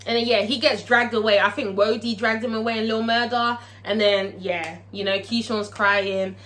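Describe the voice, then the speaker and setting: A woman recapping a TV episode in a casual vlog, profane and excitable, tagging her lines with "okay?". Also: fairly high pitch, normal speed. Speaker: TV show reviewer.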